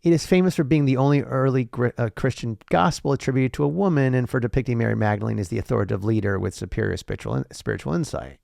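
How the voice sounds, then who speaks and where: A man's voice: mid-range voice, quick pace, creaky, few pauses, a little mellow, no echo, studio quality. A man hosting a solo podcast monologue, rambling with profane, sarcastic asides and frequent restarts. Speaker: podcast host.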